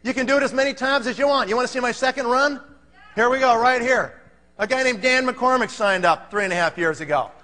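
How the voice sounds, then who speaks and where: A man giving an animated motivational sales talk to a live audience, often checking in with the crowd. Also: very high voice, a little fast. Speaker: conference speaker. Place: large hall. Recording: reverberant hall.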